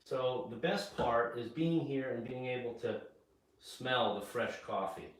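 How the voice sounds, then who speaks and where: Slow, patient man in an echoey kitchen. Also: mid-range voice. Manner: slow and repetitive, checks in with "okay?". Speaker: English teacher. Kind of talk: slow spoken English lesson. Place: home kitchen. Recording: echoey room, mic far off.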